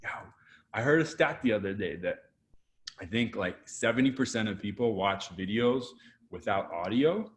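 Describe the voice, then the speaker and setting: A man's voice: on the low side, normal speed. A man with a Canadian accent, a guest photographer talking animatedly in a casual video interview and acting out quotes. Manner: energetic, animated, acts out quotes.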